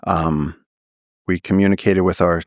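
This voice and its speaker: A man's voice: sits low, fairly even intonation, unhurried, no room sound, studio quality. A man, a naturalist guest on a podcast, vividly telling a story and acting out the quotes. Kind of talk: storytelling in a long-form interview.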